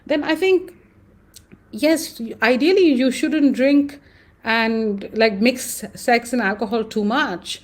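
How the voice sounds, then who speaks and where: A woman with an Indian English accent, speaking as a guest in an interview, thoughtful and animated, often pausing with fillers. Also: a little high. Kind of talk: conversational interview.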